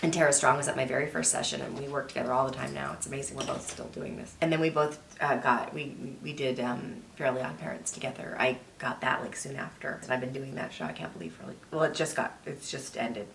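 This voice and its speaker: A woman's voice: rumbling low, fast, vocal fry, few pauses, a bit bright, a little hiss or hum. A woman voice actress and comedian chatting casually and rambling during a makeup session. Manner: chatty, rambling, self-deprecating. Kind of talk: casual chat. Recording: echoey room.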